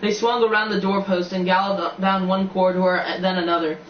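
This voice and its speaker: A man reads a storybook aloud, stumbling and repeating words as he goes. His voice sits high and sounds distant in an echoey room. The recording is muffled with faint ambience behind. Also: little pitch movement, fairly quick, slight background noise. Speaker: reader.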